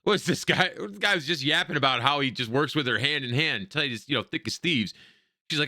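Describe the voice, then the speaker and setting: Sarcastic, animated male gaming streamer. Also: mid-range voice, a little fast, dry recording, studio quality. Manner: sarcastic, profane, slangy. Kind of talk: let's play commentary.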